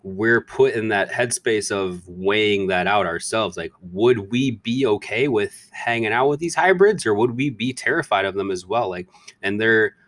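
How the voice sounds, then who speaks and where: A man's voice: on the low side, fairly bright tone, dry recording. A man hosting a casual podcast, talking loosely and rambling with easy laughs. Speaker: podcast host.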